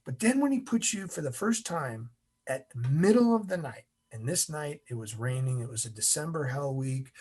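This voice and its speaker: A middle-aged man, an interview guest, telling a story in an animated way and acting out the scenes. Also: mid-range voice.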